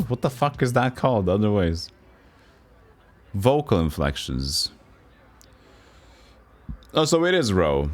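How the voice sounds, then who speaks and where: A Norwegian man streaming a puzzle game, thinking aloud in halting, self-correcting English. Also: fairly low pitch, very animated. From Norway. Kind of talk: live game commentary.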